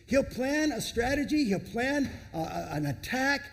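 A male pastor preaches emphatically in a big, reverberant hall, his gravelly voice pitched high and lively. His delivery is dramatic, punctuated by long pauses.

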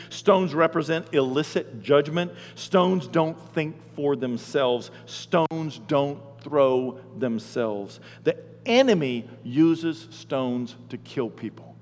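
A male pastor preaching a sermon in a folksy, animated storytelling way. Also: medium pitch. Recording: long hall reverb.

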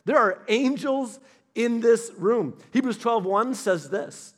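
Man, high-pitched, preaching, animated, storytelling, sudden loud emphasis. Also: takes it slowly. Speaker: pastor. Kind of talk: sermon.

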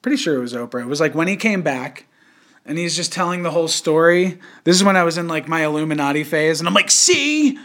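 On a casual podcast, a young male host talks loosely and fast, his slightly bright voice sitting a little high for a man. He rambles and restarts, using plenty of fillers and casual swearing.

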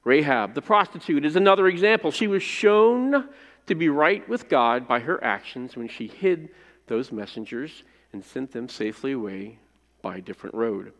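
Pastor preaching in a reverberant hall. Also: male voice, medium pitch, expressive, moderate pace. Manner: dynamic, swings from loud emphasis to hushed phrase endings. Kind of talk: sermon with scripture reading and prayer. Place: church sanctuary. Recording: long reverb of a large hall.

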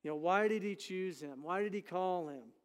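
Man, middle-aged pastor, folksy sermon, high smooth voice, reverberant church hall. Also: moderate pace. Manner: conversational and folksy, frequent "you know" and "amen". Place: church sanctuary.

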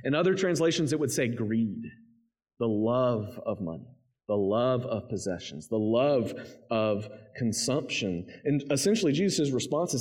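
A man's voice: medium pitch, lively intonation, moderate pace, a little mellow. Conversational male pastor preaching. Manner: conversational, emphatic, reads scripture then explains it. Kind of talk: sermon.

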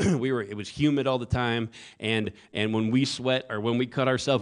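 A man's voice: mid-range voice, fairly even intonation, normal speed. A man preaching a sermon in a conversational way, with joking asides to the congregation. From American South. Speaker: pastor.

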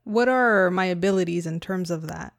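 A woman's voice: fairly low pitch, moderate pace, no room sound, clean studio sound. A woman player chatting casually at a tabletop game in an easygoing, thinking-aloud manner.

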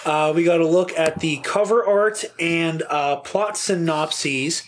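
A man's voice: fairly high pitch, takes it slowly, slight background noise. A man co-hosting a casual podcast, talking in a rambling way with many restarts. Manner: rambling, lots of ums and restarts. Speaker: podcast co-host.

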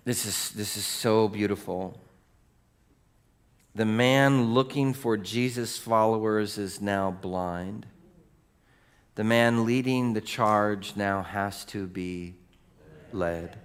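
A middle-aged male pastor preaching a sermon in a lively storytelling way, with casual conversational asides. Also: on the low side, takes it slowly, pauses often, clear, resonant tone.

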